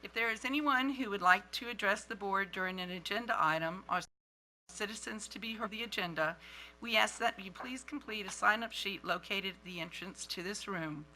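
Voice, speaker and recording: Man, board chair, formal procedural reading, bright voice, faint hum behind. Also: sits high, brisk, rough recording. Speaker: board president chairing a meeting. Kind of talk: reading meeting procedures aloud.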